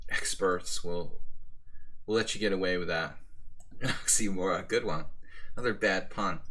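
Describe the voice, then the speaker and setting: A man's voice: sits low, a bit bright. A man streaming a chess simul, thinking aloud in casual commentary full of fillers like "like" and "um.".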